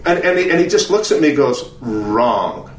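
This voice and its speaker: A man telling a lively story on a casual aviation podcast, laughing and restarting as he goes. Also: high voice, quick pace, roomy sound, a crowd in the background. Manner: animated storyteller, restarts and laughs through lines. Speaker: podcast co-host.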